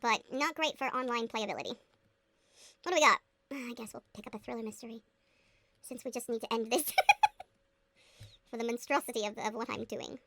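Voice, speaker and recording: A woman's voice: fairly high pitch, moderate pace, long pauses, sharp tone, slight background noise. A woman chatting to herself as she plays a game, giggly and playful, now and then slipping into a put-on accent. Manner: chatty, giggly, talks to herself while playing; slips into a playful mock accent. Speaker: gaming booktuber. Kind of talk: casual game commentary.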